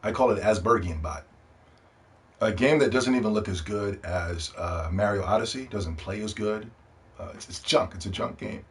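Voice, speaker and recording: A man's voice: lowish voice, normal speed. A man hosting a podcast in a casual, profane, sarcastic rant. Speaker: podcast host.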